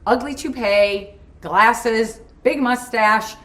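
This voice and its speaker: A woman, a former sitcom cast member, recalling a shoot in a lively, animated interview story. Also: on the high side, takes it slowly. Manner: lively, animated, acts out scenes.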